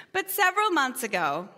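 With a voice on the high side, a middle-aged mother shares a parable along with family-life stories at a church gathering. Her storytelling is chatty and warmed by gentle humor.

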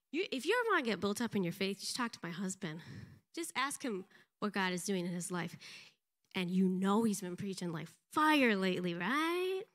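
A middle-aged woman giving an animated, self-deprecating church testimony, laughing often. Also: medium pitch. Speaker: pastor's wife giving a testimony.

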